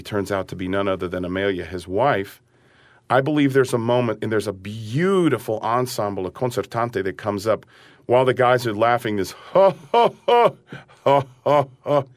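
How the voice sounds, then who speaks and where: A man who is an opera singer talking in an interview about a role he sings, animated and acting out his character's lines. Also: mid-range voice, dry recording. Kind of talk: interview conversation.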